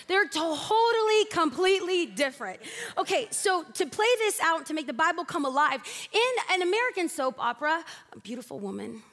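Woman preacher, high voice, animated and funny, big hall reverb. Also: moderate pace. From Mexican and Puerto Rican family. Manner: animated, humorous storytelling. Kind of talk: sermon. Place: church stage. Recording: long reverb of a large hall.

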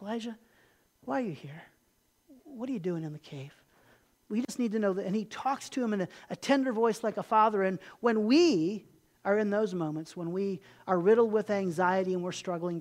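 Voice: mid-range voice, a little mellow. An earnest pastor who reads scripture aloud, then preaches and leads a prayer. The delivery is sincere and unpolished. Words are often restarted, repeated or tripped over. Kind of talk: sermon with scripture reading and prayer.

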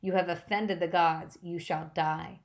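A slow, hissing monster of a Southern old woman, a Fury with bat wings and a whip, as a woman narrator puts her on. She drawls each threat with cold menace in a lowish voice. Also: steady tone, vocal fry. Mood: threatening. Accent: American Southern.

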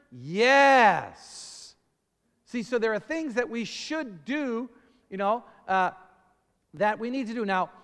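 A man preaching a lively sermon, calling out to the congregation for amens and acting out short scenes as he goes. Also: sits high, in a large hall. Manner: animated, call-and-response preaching. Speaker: pastor.

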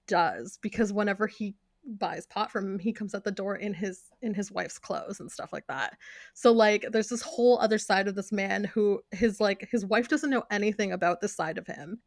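A woman's voice: medium pitch, no room sound, clean studio sound. A woman chatting casually about a show she loves, filling her sentences with "like" and laughing often. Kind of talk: casual chat.

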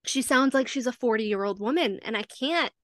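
Animated, swearing young woman podcaster. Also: fairly high pitch, moderate pace, no room sound, studio quality. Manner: animated, swears freely, mimics lines in quoted voices. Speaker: podcast co-host. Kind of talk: casual chat.

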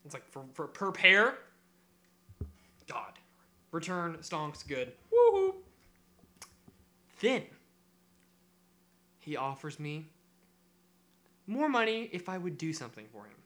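Bright-voiced young man telling a wild story. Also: on the high side, unhurried, pauses often. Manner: animated, swears a lot, acts out quotes. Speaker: podcast co-host. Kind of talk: casual storytelling chat.

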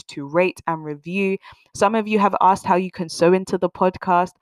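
A woman's voice: on the low side, moderate pace, no echo. A young woman hosting a faith podcast, talking in an earnest, encouraging way and repeating phrases for emphasis. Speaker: podcast host.

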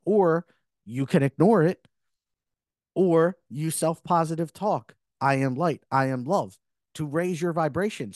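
A man's voice: a little high, dark tone, dry recording, clean studio sound. A middle-aged man hosting a spiritual podcast, talking earnestly in a rambling way full of restarts and self-corrections. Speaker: podcast host.

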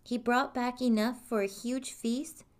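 Lady reading a fairy tale, calm and even, kinda high voice. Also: unhurried. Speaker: storyteller.

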